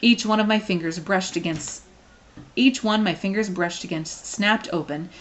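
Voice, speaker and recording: A woman reading a children's novel aloud, expressive and playful. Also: medium pitch, moderate pace, slight background noise. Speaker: reader.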